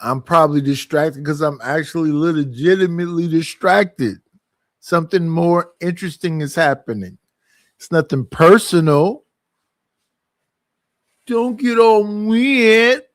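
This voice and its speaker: A man's voice: fairly high pitch, normal speed, no room sound. A man hosting a livestream group call, talking bluntly and joking with a lot of swearing. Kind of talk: casual livestream chat.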